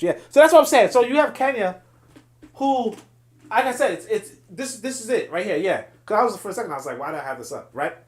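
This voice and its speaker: A man's voice: sits high, lively intonation, fast talker. A man hosting a political livestream, reading viewer chat and commenting in a passionate, digressive way with frequent restarts.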